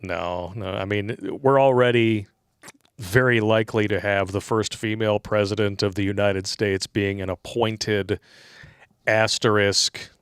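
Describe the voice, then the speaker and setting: Sarcastic low-voiced male stream co-host. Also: steady tone, unhurried, clear, resonant tone, no room sound, clean studio sound. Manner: sarcastic, laughs at his own jokes. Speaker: co-host reading live chat. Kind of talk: casual live-stream commentary.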